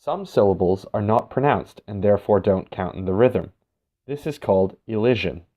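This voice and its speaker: Man, scripted lesson narration, lowish voice, measured, muffled lo-fi sound. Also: expressive, dark tone. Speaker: instructor. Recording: dull, lo-fi recording.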